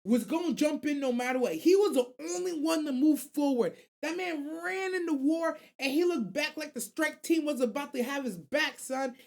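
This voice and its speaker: A woman hosts a casual anime radio talk show, rambling through her thoughts in slang and cursing freely. Her voice sits fairly high and stays animated. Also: moderate pace, vocal fry, few pauses. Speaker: host.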